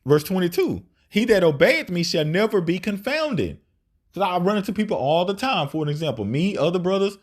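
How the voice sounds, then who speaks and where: A man preaches in a loose, conversational way, reading verses aloud and checking in with repeated "right?". His voice sits a touch higher than most men's. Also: very animated, moderate pace. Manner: informal, repetitive "right?" tag questions, reads verses aloud. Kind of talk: scripture study sermon.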